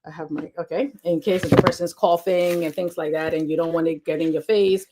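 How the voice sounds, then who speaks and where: A woman health educator talking fast and casually to camera, repeating key points with lots of fillers. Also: on the low side, steady tone, heavy background noise. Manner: talks fast.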